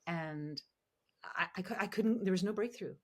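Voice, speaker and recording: A woman telling animated, emotional stories as a podcast guest, acting out the voices she quotes. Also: mid-range voice, normal speed. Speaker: podcast guest, ministry founder. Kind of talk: conversational storytelling interview.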